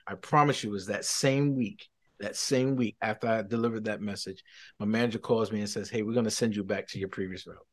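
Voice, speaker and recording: A man, a podcast guest telling a faith story in a lively way, acting out quotes and laughing. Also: fairly low pitch, fairly quick. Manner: animated, acts out quotes, laughs. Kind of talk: storytelling testimony.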